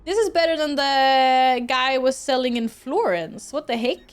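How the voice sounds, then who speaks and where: Her voice is high, clear and resonant, delivered at a measured pace. She's a young woman from Sweden casually streaming gameplay at home, giggling and talking with viewers while she plays.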